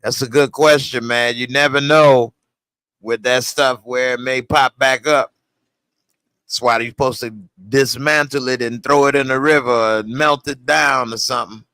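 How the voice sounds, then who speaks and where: Bright-voiced man in slangy reaction talk. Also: mid-range voice, normal speed, no echo. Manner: slangy, animated, laughs a lot. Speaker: TV reaction reviewer. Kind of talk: casual reaction commentary.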